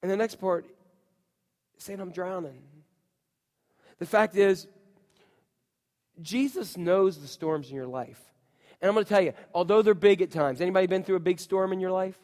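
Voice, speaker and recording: A man preaching a sermon, telling the story in an animated way with voices, swinging from loud outbursts to hushed lines. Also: sits high, moderate pace, long pauses, long reverb tail. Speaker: pastor.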